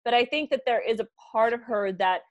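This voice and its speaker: A woman's voice: on the high side, fairly quick, dry recording, muffled recording. A woman co-hosting a comedy advice podcast, laughing often and giving blunt advice. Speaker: co-host.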